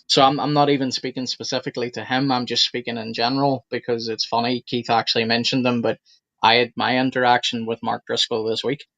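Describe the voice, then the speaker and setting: A man's voice: medium pitch, level tone, a little fast, gravelly, fairly bright tone, no room sound, dull audio. A man co-hosting a casual panel discussion, blunt and opinionated. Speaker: podcast co-host.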